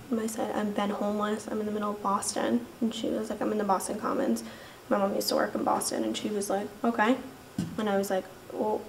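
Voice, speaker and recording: A young woman giving a personal testimony in an emotional, halting way, saying "like" again and again. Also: medium pitch. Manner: emotional, halting storytelling, says "like" constantly. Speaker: interviewee sharing recovery testimony. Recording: distant mic with faint background noise.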